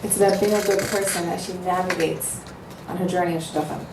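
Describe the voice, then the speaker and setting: A woman's voice: fairly low pitch, fast talker. A woman addresses an audience with earnest conviction, slipping into other people's voices as she retells phone calls. She sounds slightly far from the mic, in an echoey room with a faint hum behind her. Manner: earnest, animated storytelling, acting out both sides of phone calls. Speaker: matchmaker giving a talk. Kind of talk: speech to an audience.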